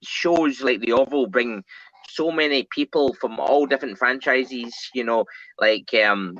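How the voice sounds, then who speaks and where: A man chatting casually as a co-host about a show, his voice bright and forceful but slightly muffled and dry. He rambles and circles back with plenty of ums and you-knows. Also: mid-range voice, a little slow, no echo. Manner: rambling, many fillers and repeats. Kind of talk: casual fan discussion.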